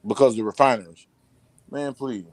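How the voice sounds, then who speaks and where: A brisk, mid-range voice belongs to a podcast host swapping stories in casual chat, rambling and cursing with animated energy. He restarts often, and there's no echo in the recording.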